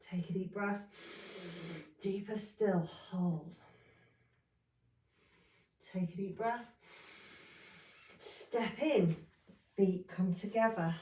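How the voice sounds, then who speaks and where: A woman leading a yoga class, calmly calling out poses and breaths step by step with a little humor. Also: mid-range voice, distant mic. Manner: calm step-by-step cueing, breath counts, light humor. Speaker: yoga instructor. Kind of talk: guided yoga instruction. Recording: roomy, voice a bit off-mic.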